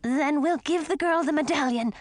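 A woman putting on squeaky bickering talking skulls. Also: moderate pace, no room sound, close to an everyday voice. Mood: bargaining. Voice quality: high squeaky put-on voice.

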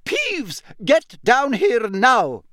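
A man voicing a stern older female deputy headmistress who barks sharp commands. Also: very high-pitched, huge pitch swings, extremely slow, no echo, studio quality, pitched above the performer's own voice, exaggerated voice. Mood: stern shouting.

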